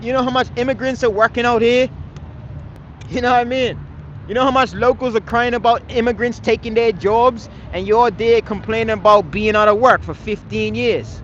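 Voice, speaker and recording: A man's voice: sits high, fairly bright tone, lo-fi sound, slight background noise. A man on a live stream arguing with his chat, confrontational and scolding, swearing often and tagging his lines with "man". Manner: repeats phrases, tags lines with "man". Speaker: livestreamer answering chat.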